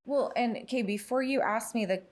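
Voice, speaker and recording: A woman podcast guest talking about youth mental health in an earnest, emphatic way, in casual conversation. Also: fairly high pitch. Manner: earnest, emphatic, quick to explain.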